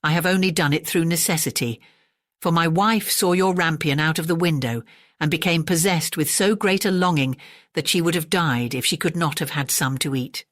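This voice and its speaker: A woman's voice: low voice, moderate pace, dry recording, clean studio sound, natural voice. A woman voicing a frightened, pleading husband in a storybook reading.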